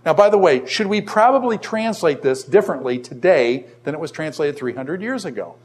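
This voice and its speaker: A man's voice: fairly high pitch, animated, a little fast. Older man lecturing to a class. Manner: conversational, asks the class many questions. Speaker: teacher.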